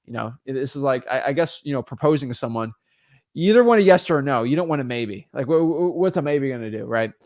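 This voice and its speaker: A man teaching real estate wholesaling in an energetic, animated way, often restarting and repeating words as he talks. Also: medium pitch, quick pace, dry recording, studio quality. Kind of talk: energetic teaching with phone role-play. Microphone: studio microphone.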